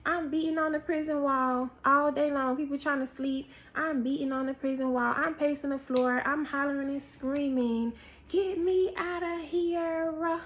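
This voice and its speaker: A woman preaching a prophetic word in sermon style. She tells an animated story, acts out what people said, and repeats key phrases for emphasis. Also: high voice, normal speed, hardly any pauses. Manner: animated storytelling with acted-out quotes, repetition for emphasis.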